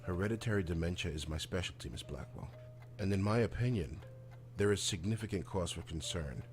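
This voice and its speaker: A man voices a game doctor who questions with clinical frankness, his words measured and even. The voice sits very deep, with faint music beneath it. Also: natural voice. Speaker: game character. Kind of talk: studio game voice acting.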